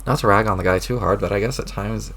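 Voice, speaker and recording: A man's voice: fairly low pitch, fairly even intonation, fast talker, fairly bright tone, voice pushed down. A man doing a clueless folksy young adventurer. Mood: rambling. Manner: old-timey folksy exclamations, rambling. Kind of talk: reading a webcomic aloud.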